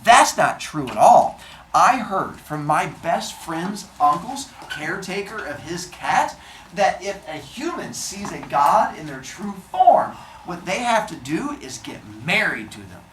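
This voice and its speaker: A crafty goddess posing as a harmless old lady, her voice pitched high and lilting, as a man performs her. She sounds swept up and animated. The room echoes around her, heard from across the space with a faint hiss. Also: measured pace, heavily acted. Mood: sly. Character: scheming goddess disguised as a sly old woman. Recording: echoey classroom, mic far off.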